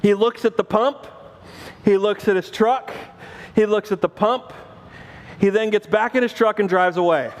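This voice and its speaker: A man in his forties preaching a sermon, telling a family story with animated acted-out dialogue and self-mocking laughter. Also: sits high, moderate pace, long pauses, a little hiss or hum. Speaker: pastor. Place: church sanctuary. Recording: long reverb of a church hall.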